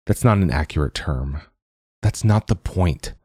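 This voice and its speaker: A man's voice: deep voice, lively intonation, measured pace, dark tone, slightly rough, no room sound, studio quality, heavily acted. A man voicing a stubborn, defiant old woman scientist who talks insistently in a storybook reading. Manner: insistent, urgent.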